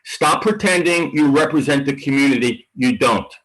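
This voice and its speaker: A man's voice: medium pitch, animated, normal speed, a bit bright, rough recording. A man calling in to a public meeting, combative and argumentative. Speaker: public commenter. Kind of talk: public comment.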